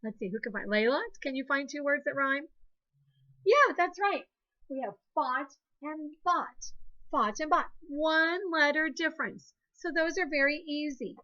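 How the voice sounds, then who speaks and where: Patient and encouraging, an Ohio-born woman with an Ohio accent sing-songs her way through a second grade phonics lesson built on call-and-response with pupils. Her voice is high, pushed and bright, a little slow, and the audio is muffled.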